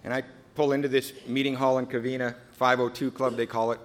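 A man's voice: medium pitch, a little fast. Man telling a story at a recovery meeting. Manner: lively storyteller who acts out the voices in his tales. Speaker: speaker sharing his recovery story.

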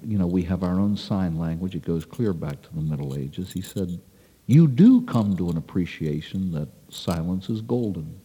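A man delivering a sermon in a big, reverberant church, his low, husky voice swinging widely as he tells a story. The tone is mellow and folksy. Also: dull audio. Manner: folksy storytelling, acting out dialogue with rising pitch. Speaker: priest. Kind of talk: sermon with a told anecdote. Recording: long reverb of a large hall.

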